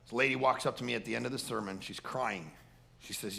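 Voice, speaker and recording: A man, a pastor, preaching a sermon with animated storytelling and a quiet prayer. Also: mid-range voice, quick pace, creaky.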